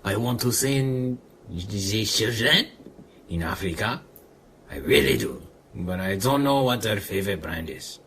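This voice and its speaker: A man putting on a heavy, slow French accent while reading a card aloud. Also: on the low side, lively intonation, fairly bright tone, a little hiss or hum. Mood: earnest.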